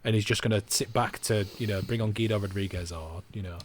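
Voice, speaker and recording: A man's voice: on the low side, fast, slight background noise. A man co-hosting a football podcast, chatting casually and rambling with self-mocking asides. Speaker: podcast co-host.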